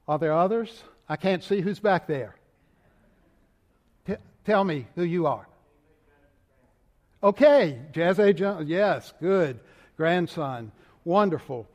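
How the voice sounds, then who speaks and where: An older man with a Virginia drawl speaks from the pulpit, slow and deliberate, his somewhat high voice carrying through the long reverb of a large church sanctuary. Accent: Southern US, Richmond Virginia. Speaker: moderator of denomination preaching. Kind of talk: sermon.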